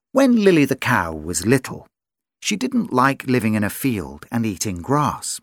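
Children's story reader, sing-song, very lively pitch, slow, dry close sound. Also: vocal fry, no echo. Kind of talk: children's story read-aloud.

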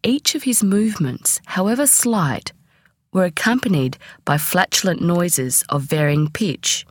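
A woman reading a memoir aloud as an audiobook, in a measured, expressive way. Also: on the low side, no room sound, clean studio sound. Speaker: audiobook reader. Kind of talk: audiobook narration.

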